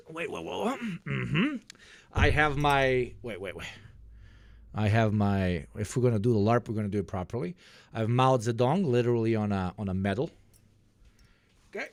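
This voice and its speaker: A man's voice: medium pitch, lively intonation, normal speed, gravelly, pauses often, no room sound. A man live-streaming and reacting to clips with sarcastic, profane jokes.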